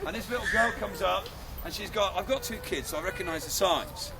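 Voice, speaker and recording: A man performing a loud, jokey live history show as a castle archer, teasing the audience. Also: high-pitched, a little fast, creaky. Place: outdoors at a castle. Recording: windy outdoor crowd noise. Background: crowd and wind.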